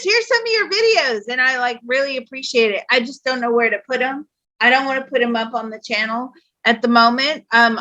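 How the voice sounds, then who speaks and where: A woman psychic host chatting casually, telling stories in an animated way and laughing often. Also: fairly high pitch. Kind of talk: casual chat.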